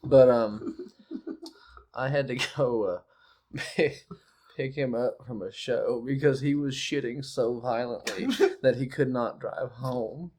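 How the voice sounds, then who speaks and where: A man telling a funny, embarrassing story around a campfire. He laughs through it and his pace quickens as he goes. His voice sits at an ordinary middle pitch. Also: darkish tone. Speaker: panel member. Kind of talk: casual storytelling.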